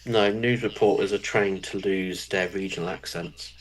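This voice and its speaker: English man, posh RP accent, deadpan joker, slightly deep voice, casual chat. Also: moderate pace, a little hiss or hum, poor audio. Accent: English, received pronunciation. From England. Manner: dry, teasing humor.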